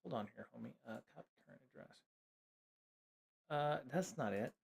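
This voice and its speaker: Male stream host, mid-pitched voice, loose, sarcastic, full of fillers. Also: expressive, normal speed, vocal fry, a little mellow. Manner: rambling, sarcastic asides, many fillers. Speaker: livestream host teaching coding. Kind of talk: casual livestream tutorial.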